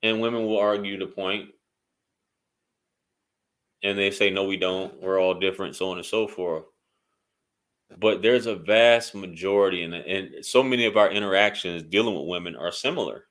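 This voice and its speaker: A man's voice: lowish voice, normal speed, pauses often, fairly bright tone. A man speaking bluntly and profanely in a casual commentary vlog, rambling with frequent restarts. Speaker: YouTube commentator.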